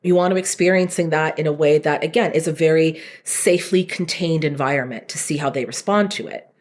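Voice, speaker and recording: A woman guest talking about dog training in casual chat, explaining patiently with animated asides and laughs. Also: low-pitched, fairly quick.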